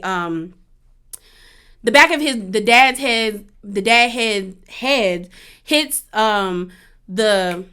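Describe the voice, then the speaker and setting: Bright-voiced woman, slangy and animated. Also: on the high side. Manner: animated, slangy, sarcastic asides. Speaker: show recapper. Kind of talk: casual episode recap.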